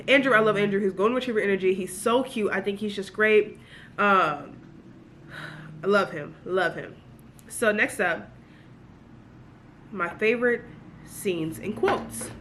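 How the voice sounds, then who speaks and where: A woman giving a casual, animated book review, gushing and full of asides as she talks to her viewers. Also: medium pitch, slight background noise.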